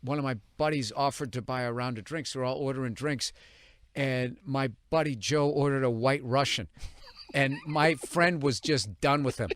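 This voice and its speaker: A man's voice: mid-range voice, normal speed, dry recording. A middle-aged man from the Boston area telling blunt, profane stories as a podcast host. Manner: blunt, profane anecdotes with animated quoted voices. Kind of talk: casual chat, storytelling.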